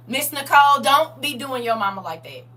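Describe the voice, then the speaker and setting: Animated St. woman livestreaming. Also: high voice, moderate pace, distant mic, poor audio. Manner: animated storytelling, mimics her own reactions. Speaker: livestream host. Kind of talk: casual livestream chat with viewers.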